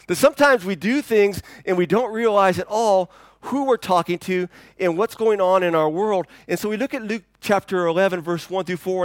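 A man preaching a sermon in a relaxed, conversational way, often repeating words as he starts sentences. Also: high voice, no room sound. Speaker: pastor. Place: church.

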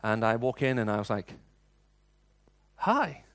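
A man's voice: lowish voice, little pitch movement, fast talker, no room sound. Conversational male preacher, dry sound. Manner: storytelling, conversational, frequent restarts. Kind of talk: sermon with personal stories.

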